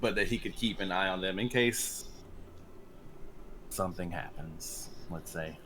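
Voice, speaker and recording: A man's voice: low voice, unhurried, noisy background. A man playing a tabletop role-playing game, describing his character's actions in a casual, meandering way. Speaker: player. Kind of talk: tabletop role-play narration.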